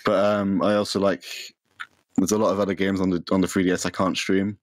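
A young man with a deep, low voice talks casually as a podcast guest, rambling along with lots of ums and restarts. The sound is close and dry. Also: flat delivery, fairly quick, no echo, poor audio. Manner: rambling, many fillers and restarts. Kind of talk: casual chat.

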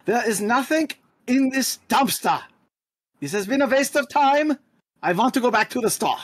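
Dagny, a man playing a fussy squeaky adventurer. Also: animated, moderate pace, husky, no room sound, full character voice. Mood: flat complaint. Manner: fussy, high-pitched scolding. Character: prim, easily scandalized male adventurer. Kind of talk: tabletop role-play in character.

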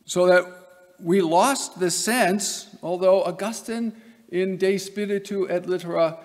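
A man's voice: sits high, a little slow. A man from Nebraska giving an academic lecture as a seminary professor, emphatic, with wry asides. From Nebraska, USA. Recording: long hall reverb.

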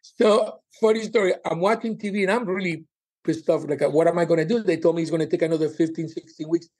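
A man, a comedian and former cruise director, telling stories in a casual interview, animated and laughing often. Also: on the high side, fast.

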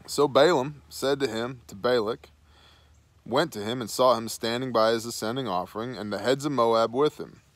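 A man's voice: mid-range voice, normal speed, no echo. A man hosting a Bible study, reading scripture aloud and then dropping into slangy, casual asides.

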